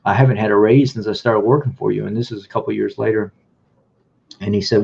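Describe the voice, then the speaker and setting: A man's voice: on the low side, steady tone, fast talker, creaky, a little mellow, husky. A man casually telling his own life story in a rambling way, acting out the dialogue he remembers. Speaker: vlogger. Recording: dull lo-fi recording.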